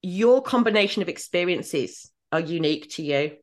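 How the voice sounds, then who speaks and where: A woman talks in a relaxed conversational way, with a low voice. She tells stories with lively swings up and down in her pitch. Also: normal speed. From Great Britain. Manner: animated storyteller with big swings in pitch. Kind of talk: casual conversation.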